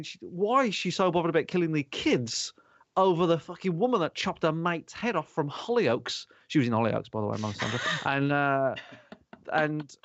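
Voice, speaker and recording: A man's voice: a little high, a bit bright, dry recording. Man, podcast host, sweary rambling rant, dull lo-fi sound, dry close mic. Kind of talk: casual podcast chat.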